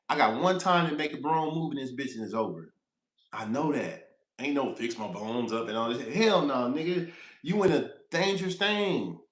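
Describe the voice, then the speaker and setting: A man's voice: mid-range voice, echoey room. A man who drives trucks, telling a rambling, profane road story on a casual livestream, laughing as he goes.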